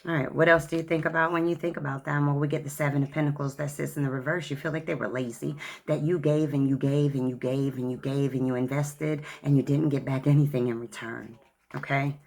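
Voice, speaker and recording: A woman with a remarkably low, gravelly voice reads tarot cards for her viewers. She talks in a sassy, chatty way and calls the listener honey and child. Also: steady tone, fairly quick, darkish tone. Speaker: tarot reader. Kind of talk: tarot card reading to camera.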